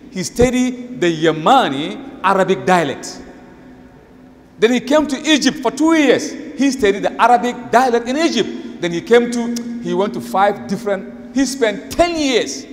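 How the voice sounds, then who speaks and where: A high-pitched man preaches in a lively, sing-song way, acting out the voices in his story. His voice carries a long echo through a large hall. There is a faint hiss of noise underneath. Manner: animated storytelling, acts out quotes. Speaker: Islamic preacher. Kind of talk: lively sermon.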